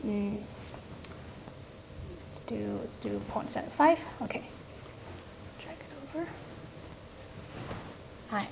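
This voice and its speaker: Speaking slowly with a creaky, medium-pitched voice, a woman from China lectures her language class with a Chinese accent, expressive and pausing often. She explains patiently and checks in with "right?" to confirm students are keeping up. Background noise fills the muffled classroom audio.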